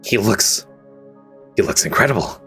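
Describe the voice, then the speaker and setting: Man voicing a kobold cultist, male, jittery, squeaky outbursts, nervous, excitable, tabletop game, faint music behind. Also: moderate pace. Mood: awed.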